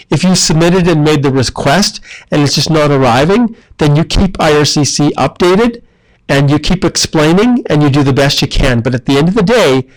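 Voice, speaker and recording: Man, Canadian accent, live-stream host, slightly high voice, friendly, chatty, lots of ums. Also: low-quality recording. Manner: friendly, chatty, with frequent ums and self-corrections. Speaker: immigration consultant answering viewer questions. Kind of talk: live Q&A stream, reading comments aloud.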